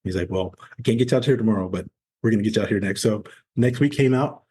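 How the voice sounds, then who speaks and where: On a podcast, a man in his forties and ex-Navy SEAL speaks quickly in a lowish, breathy-edged voice. He shares his story openly and vividly, voicing the people he met as he goes in this conversational interview.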